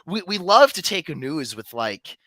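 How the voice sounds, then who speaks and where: Bright-voiced young man, rambling chat. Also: a little high, sing-song, moderate pace, dry recording. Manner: rambling, many fillers and restarts. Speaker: co-host. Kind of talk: casual discussion.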